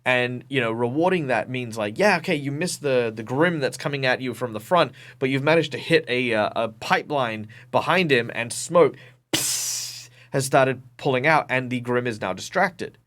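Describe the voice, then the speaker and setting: Animated Australian man telling stories. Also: medium pitch, normal speed. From Perth, Western Australia. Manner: animated storyteller, many ums and restarts. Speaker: guest, professional game master. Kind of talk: casual interview talk.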